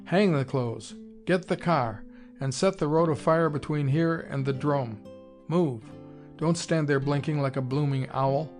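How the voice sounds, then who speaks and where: A man voicing a hotheaded young fighter pilot who shouts urgent orders and demands. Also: fairly high pitch, unhurried, soft background music, close to an everyday voice. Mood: commanding.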